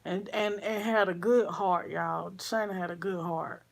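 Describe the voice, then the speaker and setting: A woman vlogger talking slowly and softly to her viewers, full of sighs and halting restarts. Her voice is subdued and grieving, and she calls her audience y'all in a loose, casual livestream chat. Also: fairly low pitch, steady tone, creaky. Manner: slow, sighing, halting, speaks to viewers as y'all.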